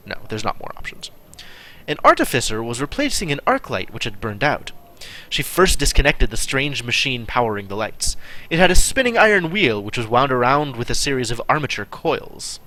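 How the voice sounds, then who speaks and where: A male streamer reading a text adventure out loud and commenting on his choices in a wry, chatty way. His voice is bright and lively, moving up and down in pitch. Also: moderate pace. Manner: wry, chatty asides while reading aloud. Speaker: streamer playing a text game. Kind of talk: live game play with narration.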